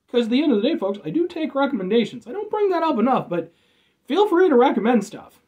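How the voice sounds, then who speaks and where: An American man reviews a soda in a loose, rambling vlog, cracking jokes and dropping the odd swear. His pitch swings widely, rising high and dropping low as he talks. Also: very animated, fast, a little mellow, muffled recording. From United States. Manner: rambling, jokey, swears casually. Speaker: food and drink reviewer.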